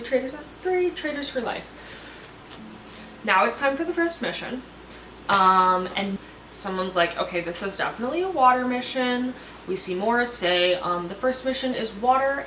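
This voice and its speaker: A young woman vlogger recaps a TV episode in a chatty, gushing way, acting out the cast's lines. Her voice is medium-pitched and a bit bright, recorded in an echoey room with faint ambience and a little hiss or hum.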